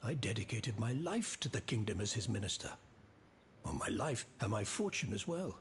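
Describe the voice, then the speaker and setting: An actor playing a formal, self-important former royal minister in a video game. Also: male voice, lowish voice, very animated, normal speed, noisy background. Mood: pompous. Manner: formal, pompous. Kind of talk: game dialogue.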